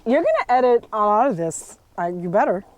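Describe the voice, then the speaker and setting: A woman's voice: medium pitch, very animated, fairly quick. A young woman chatting casually as a podcast guest outdoors, blunt and chatty and swearing freely. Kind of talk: casual chat. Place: outdoors on a trail.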